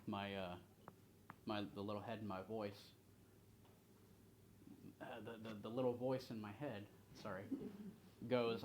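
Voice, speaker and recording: A man's voice: fairly low pitch, fairly even intonation, normal speed, long pauses, slight background noise, poor audio. A man, a pastor, leading an informal Bible study, reading scripture aloud and asking the group questions.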